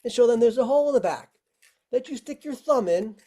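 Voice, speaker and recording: With an extremely high, mellow voice, lively intonation, and a brisk pace, a male firefighting instructor teaches a virtual class. He is friendly on the video call, taking firefighters through simple tricks step by step.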